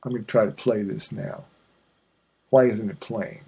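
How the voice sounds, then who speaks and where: A man's voice: lowish voice, steady tone, moderate pace, warm tone, slightly rough. A man hosting his own podcast, chatting in a digressive, self-mocking way with many fillers and restarts. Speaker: podcast host. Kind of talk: rambling solo podcast chat.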